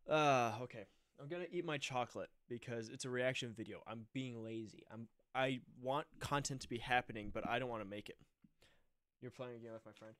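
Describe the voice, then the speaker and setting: A man's voice: medium pitch, fairly bright tone, clean tone. A young man streaming, talking in a chatty, laid-back way. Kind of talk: casual stream chat.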